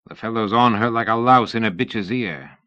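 A pompous, sullen middle-aged gentleman, as a male narrator voices him, quick to take offence and haughty in his speech. The voice is low, and the recording is dry with a dull, muffled tone. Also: no room sound. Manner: pompous, huffy.

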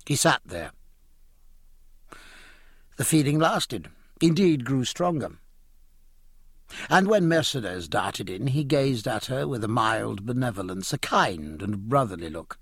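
Brief: male audiobook narrator, husky tone, animated delivery. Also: mid-range voice, no room sound, clean studio sound. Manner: expressive, measured storytelling. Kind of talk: scripted narration.

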